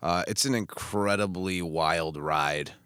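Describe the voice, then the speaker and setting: A man with a very low, deep voice talks easily as an interview guest, often trailing off into fillers. He sounds middle-aged and unhurried. The recording is close and dry, with no room sound. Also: a bit bright, clear, resonant tone, no echo. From Chicago. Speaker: actor guest. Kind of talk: casual interview chat.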